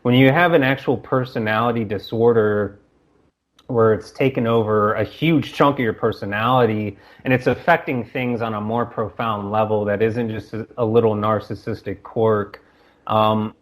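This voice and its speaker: A man's voice: lowish voice, fairly even intonation. A man, a podcast guest, talking casually, starting over often and acting out quoted dialogue. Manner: halting restarts, acts out quoted dialogue.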